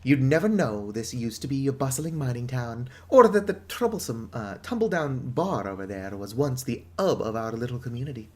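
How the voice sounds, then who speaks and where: A man's voice: medium pitch, lively intonation, moderate pace, few pauses, natural voice. A man voicing a chatty, gloomy older woman who runs a pub, in a put-on British accent with theatrical reading. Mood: grumbling.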